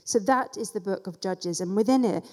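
A woman's voice: mid-range voice, moderate pace, darkish tone, in a large hall. A woman giving a sermon as a church teacher, retelling scripture in a conversational way with casual asides.

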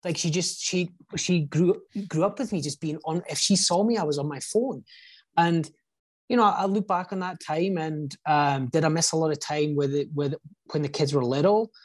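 A man's voice: fairly high pitch, normal speed. Reflective Scottish man. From Scotland. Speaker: guest, real estate agent. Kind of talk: casual podcast interview.

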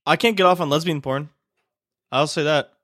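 A man's voice: a little high, normal speed, a bit bright. A man with an Ohio accent hosting a podcast, joking through casual banter. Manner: joking, playful. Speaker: podcast host.

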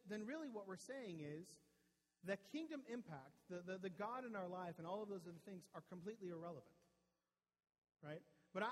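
In a husky voice that sits high, a pastor gives a sermon to a live church hall audience, recorded in low quality with the large hall audible. He keeps things conversational, frequently tagging on "right?" and restarting words by repeating them.

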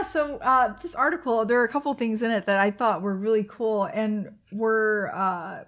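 Co-host: woman in her forties, mid-pitched, chatty and rambling, laughs easily. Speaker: podcast co-host. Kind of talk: casual chat.

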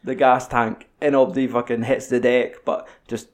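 A man with a Scottish accent in casual film chat, swearing freely and getting animated as he retells scenes. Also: medium pitch, normal speed.

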